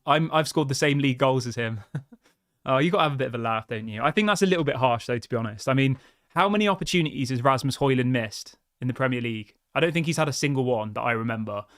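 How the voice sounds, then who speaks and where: A man running a football channel reads viewer comments aloud and responds with blunt, frustrated opinions in a chatty way, often saying "mate." His mid-range, slightly bright voice moves at a quick pace, recorded in studio quality with no echo.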